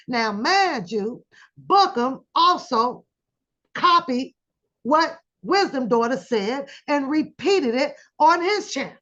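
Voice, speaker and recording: A woman hosting a casual commentary channel, telling a story with lively acted-out quotes. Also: sits high, takes it slowly, muffled recording. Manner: animated storytelling, acts out quoted voices.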